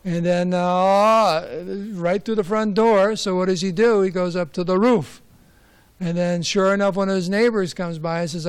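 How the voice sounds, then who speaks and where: A man's voice: high-pitched, steady tone, moderate pace, clean tone. A man giving a conversational scripture class, asking rhetorical questions and telling stories. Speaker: class speaker.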